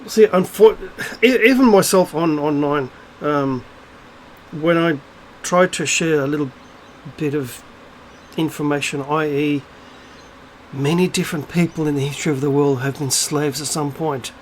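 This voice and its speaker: A man with a somewhat high voice rants to camera in a profane, sarcastic and indignant way. He keeps tossing out rhetorical questions and "um"s between jabs. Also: a little slow, a little hiss or hum. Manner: rhetorical asides and frequent fillers. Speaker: video creator. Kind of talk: ranting monologue to camera.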